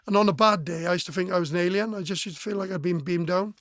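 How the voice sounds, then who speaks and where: A man's voice: high voice, racing, fairly bright tone, dry recording, studio quality. A man in his forties from Wales, a musician guest telling a personal story frankly and bluntly, acting out remembered conversations. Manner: frank, blunt, swears, acts out remembered dialogue.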